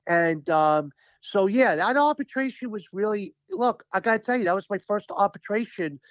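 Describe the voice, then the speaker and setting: A man speaking as a union representative, telling stories in an animated, emphatic, profane way during a casual interview. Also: sits high, moderate pace, no room sound, lo-fi sound.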